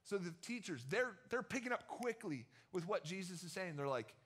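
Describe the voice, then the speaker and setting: Young man, youth pastor; high, bright tone; casual, chatty sermon delivery. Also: very animated, moderate pace. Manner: chatty, storytelling, many fillers. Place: church.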